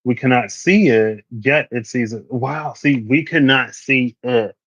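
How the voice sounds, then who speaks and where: A man's voice: mid-range voice, unhurried, fairly bright tone, no echo, lo-fi sound. A man reading tarot for a casual vlog, chatting and musing as he reads card meanings aloud. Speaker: tarot reader.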